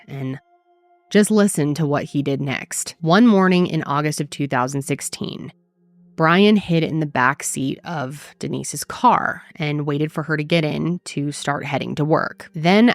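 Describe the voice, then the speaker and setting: A woman hosting a true crime show, narrating the case in an earnest, emphatic way with dramatic pauses. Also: low voice, no room sound.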